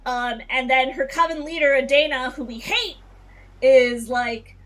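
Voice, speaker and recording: A woman streamer casually chatting through a game, animated, swearing often and laughing between lines. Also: high voice, unhurried.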